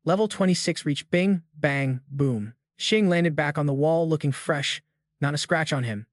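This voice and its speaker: A man's voice: fairly high pitch, moderate pace, no echo, studio quality. Hyped man narrating a recap. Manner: slangy, hyped-up storytelling. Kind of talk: scripted narration.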